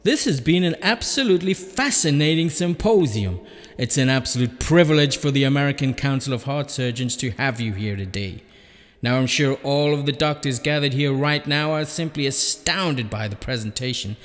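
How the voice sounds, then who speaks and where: A man and podcast co-host in a comedy sketch, announcing in a mock-formal, deadpan way. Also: mid-range voice, normal speed, in a large hall, soft background music.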